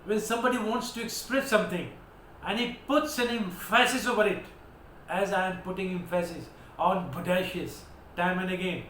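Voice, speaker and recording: An Indian man with a high, slightly bright voice teaches a vocabulary lesson at normal speed. He is emphatic and declamatory, spelling out words letter by letter. The room is echoey, with faint background noise.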